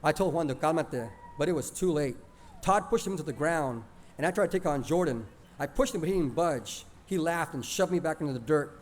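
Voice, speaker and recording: A man's voice: a little high, lively intonation, a little fast, a little hiss or hum. A man telling a childhood story plainly, dropping in Spanish words. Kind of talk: oral storytelling of a childhood memory.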